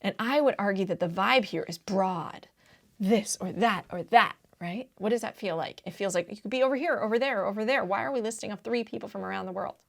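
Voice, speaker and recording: A woman's voice: medium pitch, a little fast, vocal fry. A woman tutoring test preparation, walking through reading answers in a casual, emphatic way and often checking in with the listener. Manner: emphatic, keeps checking in with "right?"; casual, slangy teaching talk.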